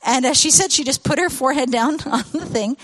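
A woman's voice: sits high, a little fast, a bit bright. A woman giving a storytelling talk to parents as a children's ministry speaker, acting out the voices she quotes and laughing often.

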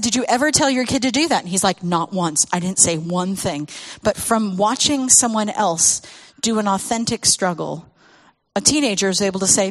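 A woman's voice: medium pitch, expressive, brisk. A woman giving a storytelling talk to parents as a children's ministry speaker, acting out the voices she quotes and laughing often.

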